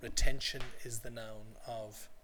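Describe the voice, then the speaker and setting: A native English-speaking man teaches an English class to adult learners, patiently repeating phrases and often checking understanding with "okay?". His mid-range voice is level, a little slow, and pushed and bright, with slight background noise.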